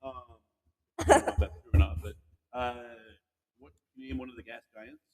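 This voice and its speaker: Male kids'-show host, playful and teasing, very animated delivery, echoey reverberant room. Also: mid-range voice, fairly quick. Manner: animated, teasing, cheering the kids on. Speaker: podcast host talking with two children. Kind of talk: playful kids' quiz chat.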